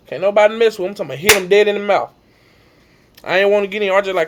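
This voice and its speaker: A young man telling an emotional personal story to his viewers, acting out the shouts and the voices of coaches along the way. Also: high-pitched, fast, noisy background. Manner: animated, acts out shouts and coaches' lines.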